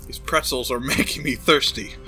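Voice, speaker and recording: A man's voice: mid-range voice, normal speed, bright, forceful tone, soft background music, close to an everyday voice. Man doing a crude gluttonous boss. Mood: smug. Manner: crude, boastful, smacking over cake. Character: gluttonous arrogant male corporate boss. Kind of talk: comedic fan dub of a game.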